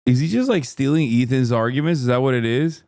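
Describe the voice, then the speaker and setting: A man's voice: medium pitch, brisk, darkish tone, no echo, clean studio sound. A man streaming, ranting with heated, profane sarcasm while reacting to a clip.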